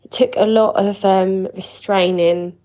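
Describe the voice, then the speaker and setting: A woman's voice: mid-range voice, steady tone, measured pace, dark tone, low-quality recording. A woman leaving a chatty, nostalgic voice message for a podcast, swearing freely. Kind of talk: casual voice note.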